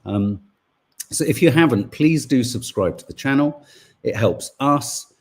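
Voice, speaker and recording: A man's voice: mid-range voice, expressive, a little slow, a little mellow, slightly rough. A middle-aged man, co-hosting an opinion podcast in a rambling, sarcastic, exasperated way full of fillers. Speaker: podcast co-host. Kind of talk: casual opinion podcast monologue.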